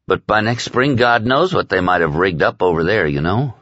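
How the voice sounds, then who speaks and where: A man's voice: on the low side, animated, moderate pace, fairly bright tone, dry recording, muffled recording. A man reading aloud and voicing a crude, boozy male henchman who talks in a rambling, profane, folksy way. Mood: griping.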